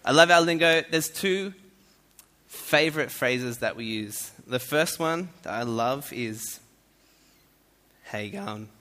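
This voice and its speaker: A man's voice: a little high, unhurried, pushed and bright. An Australian man giving a playful, joking talk to an audience in a large hall. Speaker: speaker addressing an audience. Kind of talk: humorous stage talk. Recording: echoey hall.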